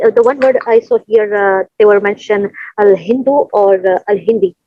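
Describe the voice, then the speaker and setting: Hesitant breathy woman asking a question. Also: mid-range voice, moderate pace, lo-fi sound. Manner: hesitant, questioning, many fillers. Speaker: student.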